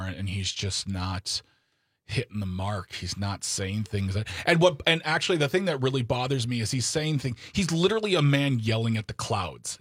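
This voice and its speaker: A man's voice: on the low side, fairly bright tone, no echo, clean studio sound. A man from Wisconsin co-hosting a political talk show, opinionated and sarcastic, with exasperated outbursts.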